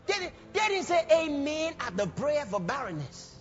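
A man delivers a sermon in a very high voice, driving his points home with repetition and acting out the voices he quotes. The recording is dull and lo-fi, with faint music underneath. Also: big pitch swings, normal speed, few pauses. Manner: emphatic, repeats phrases, acts out quoted voices. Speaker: preacher.

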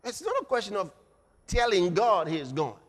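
A man preaching a sermon, swinging between hushed passages and shouting. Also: high-pitched, sing-song, normal speed. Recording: reverberant hall.

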